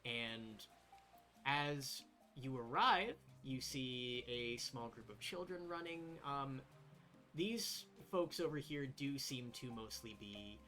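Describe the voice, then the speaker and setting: A man narrating a tabletop role-playing game as game master, relaxed and descriptive with frequent fillers. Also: mid-range voice, takes it slowly, soft background music.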